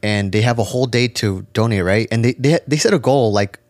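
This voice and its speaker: A man's voice: medium pitch, brisk, dry recording. Laid-back swearing podcast guy. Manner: laid-back, swears a lot, tells stories. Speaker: podcast co-host. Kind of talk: casual chat.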